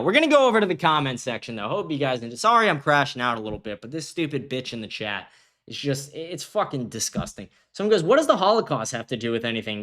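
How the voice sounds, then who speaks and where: A man's voice: fairly high pitch, fairly bright tone. A young man hosting a livestream show, reading viewer comments aloud and answering them in a heated, profane rant. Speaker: host.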